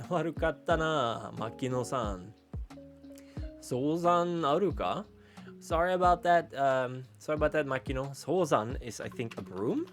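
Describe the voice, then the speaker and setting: A young man on a casual live stream, translating aloud in a halting way, full of restarts. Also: mid-range voice, lively intonation. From Sweden. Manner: reads lines aloud in a rough gruff tone. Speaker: VTuber streamer. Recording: faint background music.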